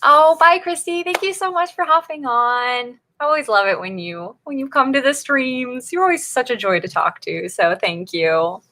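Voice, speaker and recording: Bright-voiced chatty woman streamer. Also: high-pitched, expressive, normal speed, few pauses. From Northern Virginia, USA. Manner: chatty, reacts to chat messages, laughs often. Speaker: livestream host of writing sprints. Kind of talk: casual chat with viewers.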